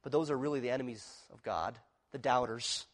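A man preaching a sermon, shifting from quiet, confessional passages to loud, emphatic ones and acting out the voices of inner struggle. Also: mid-range voice, fairly quick, long reverb tail. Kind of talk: expository sermon.

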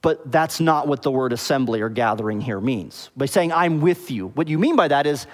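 A pastor preaching a sermon, explaining the meaning of words and often checking with the congregation whether it makes sense. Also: male voice, mid-range voice, expressive, brisk, big-room sound. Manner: explains word meanings, asks the congregation "okay?" and "does that make sense?".

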